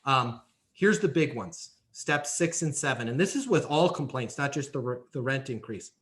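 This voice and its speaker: Emphatic male sales coach, bright voice. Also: mid-range voice, animated, normal speed. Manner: emphatic, coaching, acts out role-play examples. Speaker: leasing sales trainer, podcast guest. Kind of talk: podcast interview, teaching sales steps.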